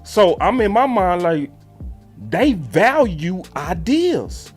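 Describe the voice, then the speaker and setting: A man telling a story in a casual, animated way and acting out the voices of the people he quotes. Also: high voice, slow pace, breathy edge, faint music behind. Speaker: sports show host.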